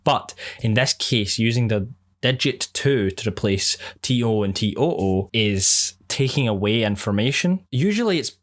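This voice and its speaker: Young male co-host with a slightly low voice who talks at length in an earnest, rambling way. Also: expressive, moderate pace. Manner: long-winded, earnest opinions. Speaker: podcast co-host. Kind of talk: casual podcast chat.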